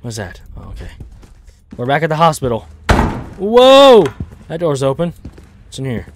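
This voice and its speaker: A man commenting on a horror game playthrough, jumpy and swearing, shouting when startled. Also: mid-range voice, lively intonation, a little fast, a little hiss or hum. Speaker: gaming video host.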